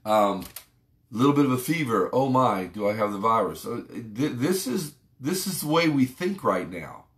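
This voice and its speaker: A man's voice: medium pitch, sing-song, normal speed, fairly bright tone. A man pastor giving a conversational, emphatic devotional sermon. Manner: conversational, emphatic preaching with rising exclamations. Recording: roomy echo.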